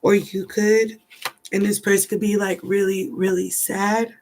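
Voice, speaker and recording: Woman, tarot reader, casual rambling chat, thinks out loud, mid pitch, flat intonation. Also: unhurried, a little hiss or hum. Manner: rambling, chatty, thinking aloud. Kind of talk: casual tarot card reading to camera.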